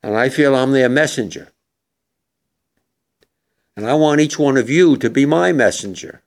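An older male war veteran with a medium-pitched voice gives an emotional memorial speech to young people in a hall. His delivery is halting.

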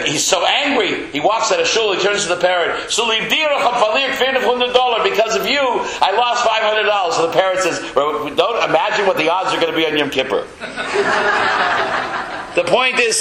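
A man's voice: high voice, pushed and bright. A man, a rabbi, giving a chatty sermon full of stories and Yiddish words, joking with his congregation. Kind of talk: sermon with storytelling. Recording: roomy echo.

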